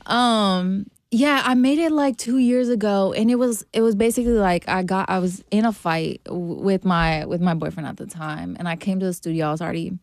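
A woman musician chatting on a radio show, telling stories with animated energy and acting out her own remarks. Her voice sits at an ordinary pitch for a woman. It is recorded close on a studio mic with a dry, dead sound. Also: fairly quick, hardly any pauses, no room sound. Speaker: musician guest. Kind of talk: casual radio interview.

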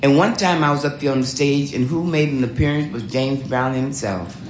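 A woman's voice: very deep voice, brisk, a little hiss or hum. Older New woman telling stories. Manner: animated, laughing, acts out voices. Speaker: storyteller. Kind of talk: told life story. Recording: roomy echo.

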